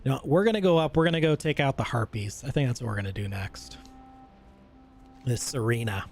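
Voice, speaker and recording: Excited casual gaming streamer man. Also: medium pitch, a little fast, slight background noise. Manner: enthusiastic, slangy, loose rambling. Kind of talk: casual gameplay commentary.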